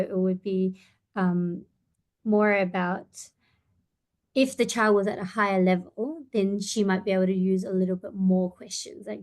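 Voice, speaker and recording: A woman therapist with a medium-pitched, slightly mellow voice leads an online parent seminar. She's friendly and thinks aloud, peppering her talk with ums and you-knows, and her voice breaks slightly.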